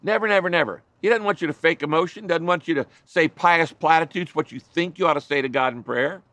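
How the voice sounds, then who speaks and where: Male pastor, fairly high voice, earnest emphatic sermon delivery, dry close recording. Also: a little fast, fairly bright tone, no room sound. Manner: earnest, emphatic preaching with repetition and restarts.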